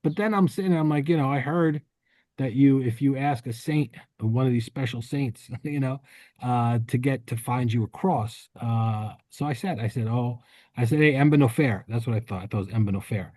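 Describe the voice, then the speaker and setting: Man, podcast co-host, casual storytelling, rambling restarts, medium pitch, dry close mic. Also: warm tone, no room sound. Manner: rambling, with many restarts and quick laughs.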